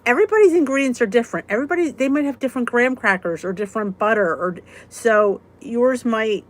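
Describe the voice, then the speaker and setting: A woman hosting a live weight-loss support chat, talking casually, reading out viewers' comments and venting with a laugh. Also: a little high. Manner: chatty, exclaiming, quick to vent and laugh.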